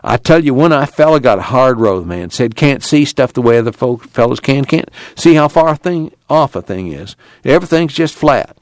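A man's voice: medium pitch, lively intonation, normal speed, few pauses, no echo, clean studio sound, voice pushed up, lightly acted. A man voicing a bitter, self-pitying one-eyed man with a whiny, complaining drawl.

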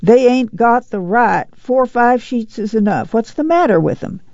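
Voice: mid-range voice, expressive, normal speed, a little mellow, no echo, lo-fi sound, pitched above the performer's own voice, close to an everyday voice. A reader voicing a proud, stern woman who leads a migrant camp, speaking in a blunt, commanding way.

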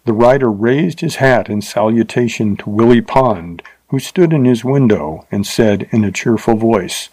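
A man reading a Western novel aloud as an audiobook narrator, in steady, measured storytelling. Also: mid-range voice, no room sound, rough recording.

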